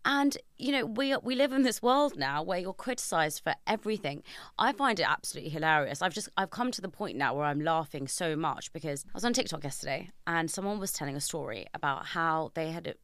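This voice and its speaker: A young woman hosting a podcast interview, telling stories with animated emphasis. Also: deep voice, fairly quick, dry recording, clean studio sound. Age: young adult. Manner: animated storyteller, rising to emphatic outrage. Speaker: podcast host.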